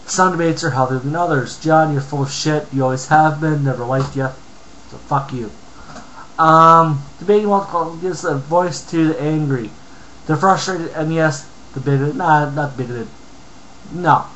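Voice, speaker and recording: A man's voice: fairly high pitch, normal speed, fairly bright tone, a little hiss or hum, rough recording. A man reading a news article aloud and breaking off into angry, profane rants about it. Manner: profane, ranting, interrupts his own reading. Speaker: commentator reading and reacting to an article. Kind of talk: angry ranting commentary.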